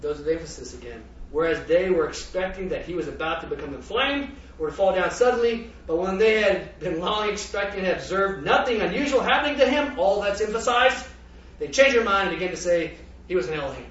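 A high-pitched man delivers a lively sermon, laughing and challenging his congregation with questions. His voice rings through a very echoey church hall, caught from a distance on a dull mic with faint background noise. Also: brisk. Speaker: preacher.

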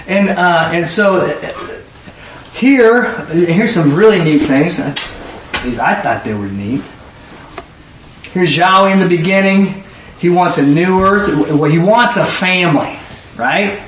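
A man preaching a sermon in a church hall, animated, sometimes rising to a shout and acting out both sides of conversations. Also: sits high, a little slow. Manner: animated, rising to shouts, quoting people in dialogue. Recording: echoey room from far off, faint noise.

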